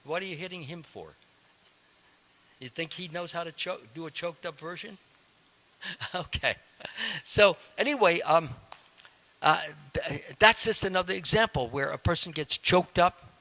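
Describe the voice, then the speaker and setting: A man with a fairly high, bright and forceful voice teaches a devotional scripture class. He talks in a conversational way, builds each point step by step, and now and then turns to quiz his listeners in the temple hall. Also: unhurried, long pauses. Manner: conversational, explains step by step and quizzes the audience.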